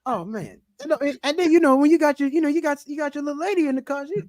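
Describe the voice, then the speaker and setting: A man's voice: very high-pitched, fairly even intonation, racing, noisy background. A man hosting a live stream, chatting casually with a guest and swearing freely. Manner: laid-back, swears casually. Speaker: livestream host.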